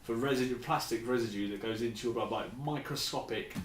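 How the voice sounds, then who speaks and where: A man's voice: mid-range voice, a little fast. A man, joking and swearing casually as a podcast co-host. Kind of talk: casual chat. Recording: roomy, distant mic with faint noise.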